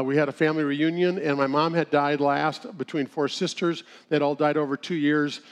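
A middle-aged man with a notably high voice for a man gives a sermon-style talk. He tells homespun stories, often chuckling at his own jokes. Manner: folksy storytelling with chuckles. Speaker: speaker at a church seminar.

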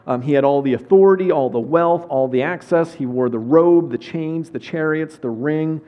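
Preacher, male, slightly high voice, lively storyteller reading scripture, muffled lo-fi recording. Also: moderate pace. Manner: prayerful, then lively storytelling with asides. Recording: dull lo-fi sound.

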